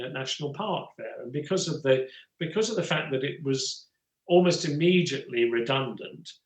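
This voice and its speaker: Casting: older English actor, chatty raconteur, mid-pitched, recorded with room echo. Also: male voice. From England. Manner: rambling, full of "you know" asides. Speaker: guest actor and writer. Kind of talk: relaxed storytelling conversation.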